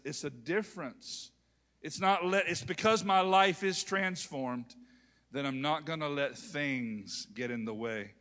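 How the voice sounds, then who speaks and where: A man, preaching a sermon to a congregation, calling out to the crowd and building to shouted peaks. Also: fairly high pitch. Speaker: pastor. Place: church sanctuary with congregation. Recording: long hall reverb.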